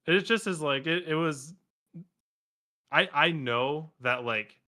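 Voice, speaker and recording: A man chatting as a guest on a podcast, his voice bright and sharp-edged. He tells stories in quick, animated bursts, stops and restarts himself, and acts out other people's lines along the way. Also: fairly high pitch. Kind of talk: casual storytelling chat.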